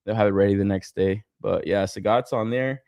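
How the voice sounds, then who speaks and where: A young man from Southern California chatting casually as a podcast co-host, swearing a lot and laughing through animated stories. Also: lowish voice, fairly quick, creaky, no room sound, studio quality. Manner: profane, laughing, animated storytelling. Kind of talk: casual chat.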